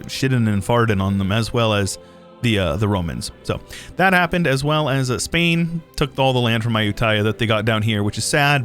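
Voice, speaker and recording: A man's voice: mid-range voice, a bit bright. A man giving casual, jokey commentary over a strategy game, with frequent fillers and laughs. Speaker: gaming video host.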